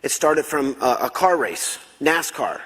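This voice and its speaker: Animated Midwestern man in a reverberant hall. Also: a little high, measured pace, breathy edge. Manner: animated, acts out dialogue. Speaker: conference speaker. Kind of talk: storytelling keynote talk. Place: large conference hall.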